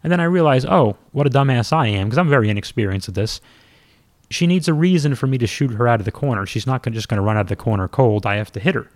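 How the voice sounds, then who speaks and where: A man, a former pro wrestler, telling a story in a casual, lively and self-mocking way, with some swearing. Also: medium pitch, rapid-fire, dry recording.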